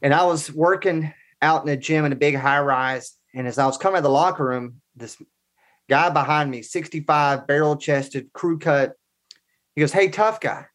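A man's voice: fairly high pitch, fairly even intonation, normal speed, a bit bright. A man in his forties telling personal stories as a guest in a casual interview, in an earnest, conversational way. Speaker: podcast guest.

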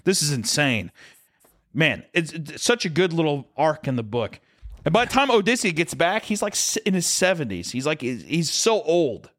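A man's voice: a little high, big pitch swings, moderate pace, fairly bright tone, no echo, clean studio sound. A man co-hosting a casual podcast who is drunk, telling crude stories in a rambling way. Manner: crude, rambling storyteller who acts out characters. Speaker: podcast co-host. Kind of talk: casual chat.

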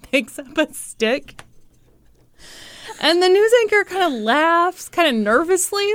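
A woman co-hosting a comedy chat, retelling a story in a dry, deadpan way and dropping her voice to quote people. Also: takes it slowly, no echo. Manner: deadpan retelling, quotes others in a low mock-serious voice. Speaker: podcast co-host.

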